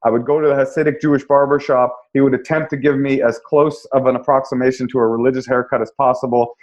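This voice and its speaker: Casting: male comedian guest, dry wry storyteller, mid-pitched voice. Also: a little mellow, muffled recording. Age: young adult. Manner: wry, self-deprecating storyteller. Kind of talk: storytelling podcast chat.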